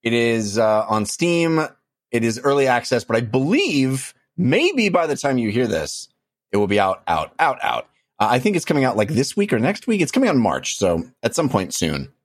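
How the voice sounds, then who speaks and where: A man's voice: medium pitch, big pitch swings, moderate pace, no echo, studio quality. A man hosting a podcast, talking enthusiastically and rambling a bit, with lots of fillers. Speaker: podcast host. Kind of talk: casual podcast chat.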